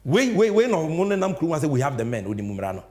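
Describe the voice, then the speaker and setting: A man's voice: on the high side, big pitch swings, rapid-fire, darkish tone. A Ghanaian man hosting a political talk show, making emphatic commentary and switching between English and Twi with sing-song stresses. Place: studio.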